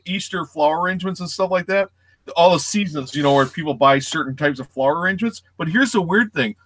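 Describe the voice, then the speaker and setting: A man's voice: fairly high pitch, fairly bright tone. A man co-hosting a live reseller show, telling rambling, folksy anecdotes in casual chat.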